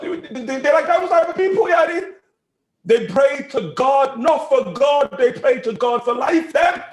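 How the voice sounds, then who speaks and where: A man giving an animated religious lesson, acting out voices and laughing often as he teaches. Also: very high-pitched, moderate pace, reverberant.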